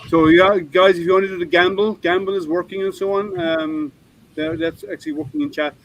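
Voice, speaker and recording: A man's voice: sits high, steady tone, a little fast, no echo, poor audio. A man hosting a casual livestream hangout from home, rambling and thinking aloud with plenty of ums, talking over an online call mic. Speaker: livestream host.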